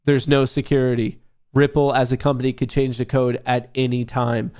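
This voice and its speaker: A man's voice: medium pitch, flat delivery, moderate pace, darkish tone, smooth. Young male livestream host, combative and profane, scornful toward his viewers. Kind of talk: casual livestream rant.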